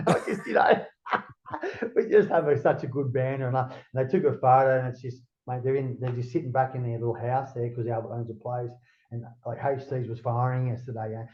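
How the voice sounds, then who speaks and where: Australian man, gravelly, rambling casual yarn, slightly dull audio, heavy on "mate" and swearing. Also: medium pitch, quick pace, slight background noise. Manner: rambling, swears freely, says "mate" constantly. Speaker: guest. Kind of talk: casual interview chat.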